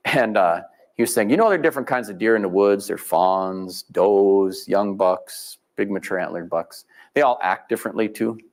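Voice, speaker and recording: A middle-aged man giving a talk as guest speaker, telling stories in a folksy way and acting out the people he quotes. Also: lowish voice. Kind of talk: storytelling lecture. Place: live event venue.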